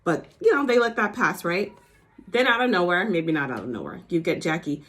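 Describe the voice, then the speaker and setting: A woman's voice: fairly low pitch, expressive, fairly quick, a bit bright. A woman chatting casually as she recaps a reality TV episode, full of "like" and "you know", now and then acting out cast members in a mock New Jersey accent.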